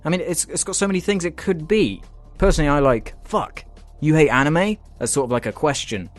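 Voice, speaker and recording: A man's voice: on the high side, lively intonation, fairly quick, soft background music. A British man reading out viewer comments and answering them in a sarcastic, swearing comedy rant. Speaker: YouTuber reacting to comments.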